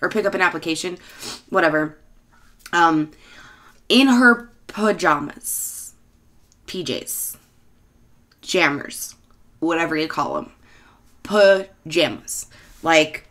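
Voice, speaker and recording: A woman's voice: deep voice, slow, long pauses, a bit bright. A woman vlogger in a casual rant to camera, talking in a profane, sarcastic way.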